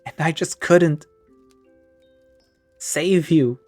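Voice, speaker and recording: A man's voice: mid-range voice, lively intonation, normal speed, no echo, faint music behind, lightly acted. A man playing a sobbing, shaky-voiced friend. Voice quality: shaky, cracking voice. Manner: pleading, choked-up. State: crying. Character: tearful grown man, a loyal old friend. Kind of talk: one-man audio drama.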